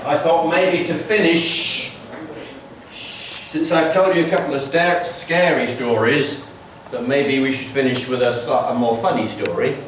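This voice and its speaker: A man's voice: medium pitch, steady tone, a little slow, slight background noise. A man telling stories to schoolchildren, chatty and full of playful asides. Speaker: visiting storyteller. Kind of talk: storytelling to schoolchildren. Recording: echoey hall from far off.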